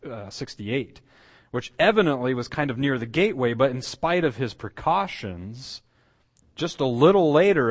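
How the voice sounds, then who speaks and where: Man, pastor, sermon storytelling, acted quotes, fillers. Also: mid-range voice.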